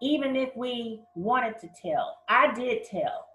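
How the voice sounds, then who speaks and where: A woman's voice: fairly high pitch, animated, slow pace, a bit bright. A woman hosting an interview, affirming and encouraging her guest. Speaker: host. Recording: roomy echo.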